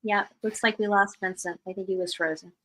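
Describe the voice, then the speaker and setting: A woman's voice: medium pitch, fairly even intonation, fairly quick, bright, forceful tone, poor audio. A woman from the United States, a panel member in a casual podcast chat, talking in a chatty, friendly way. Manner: chatty, friendly, loose fillers.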